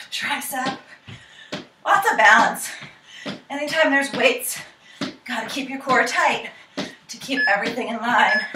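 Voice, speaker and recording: Slightly high-voiced fitness lady, out of breath, counting reps, far from the mic in an echoey room. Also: noisy background. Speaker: fitness instructor. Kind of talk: workout instruction while exercising.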